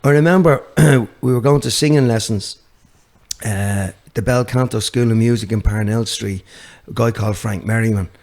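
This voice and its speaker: A man's voice: on the low side, moderate pace. An older man, a guest guitarist chatting casually in an interview, telling stories with lots of restarts. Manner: animated storyteller with many restarts.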